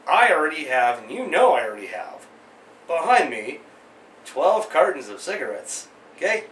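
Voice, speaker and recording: A man's voice: fairly high pitch, big pitch swings, normal speed, fairly bright tone, recorded from a distance, slight background noise. Sarcastic ranting man in an echoey room. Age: 30s. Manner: sarcastic, exasperated, joking asides. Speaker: vlog host. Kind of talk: ranting commentary.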